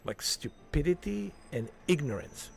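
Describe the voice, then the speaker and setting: A man's voice: on the high side, sing-song, unhurried, creaky, soft background music. A man ranting on a game livestream, heated and profane, dropping "man" and "dude" as he hammers his points home. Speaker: livestream gamer. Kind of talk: casual ranting livestream chat.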